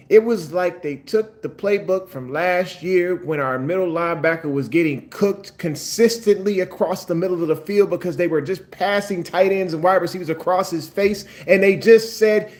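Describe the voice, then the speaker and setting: A man's voice: high voice, moderate pace, few pauses, darkish tone. Fired-up older man ranting about his team. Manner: frustrated, fired-up trash talk. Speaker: sports vlogger. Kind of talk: heated fan rant.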